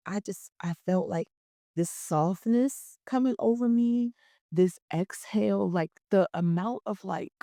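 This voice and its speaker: A woman's voice: fairly low pitch, gravelly, mellow, no room sound. A young woman vlogging earnestly about her own feelings, sometimes close to tears. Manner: earnest, emotional, self-affirming. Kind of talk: personal reflective vlog.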